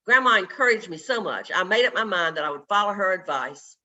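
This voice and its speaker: A man's voice: high voice, expressive, brisk, bright, forceful tone, full character voice. A man reading out the lines of a troubled, hopeful young man from a small town, telling his life story in an earnest first-person way. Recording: dull lo-fi video call audio.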